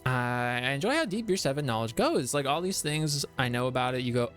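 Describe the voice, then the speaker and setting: A man's voice: mid-range voice, animated, a little fast, few pauses, a bit bright, soft background music. A man streaming a game, chatting casually, explaining lore at length with many fillers and reading out viewer messages. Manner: reads chat aloud and greets viewers. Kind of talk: casual live-stream chat.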